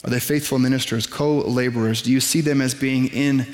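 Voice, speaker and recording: A man preaching a sermon in a conversational, self-deprecating way, with quick asides to the congregation. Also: mid-range voice, steady tone, in a large hall. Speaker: pastor. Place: church sanctuary.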